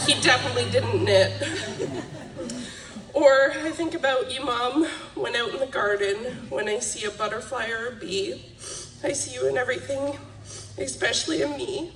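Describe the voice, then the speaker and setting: At a memorial gathering hall, a young woman reads a eulogy for her parents, emotional and laughing through her tears, her voice sitting high and a bit bright at a moderate pace. The room is echoey and the mic distant, with a faint crowd and slight background noise.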